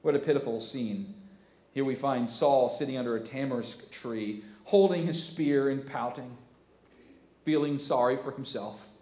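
A male pastor with a hoarse, cracking voice preaching a sermon, animated and conversational, with many rhetorical questions. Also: mid-range voice, normal speed. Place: church. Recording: echoey church hall.

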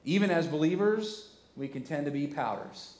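Male pastor, hoarse cracking voice, animated sermon, somewhat high voice, echoey church. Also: moderate pace. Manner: animated and conversational, with rhetorical questions.

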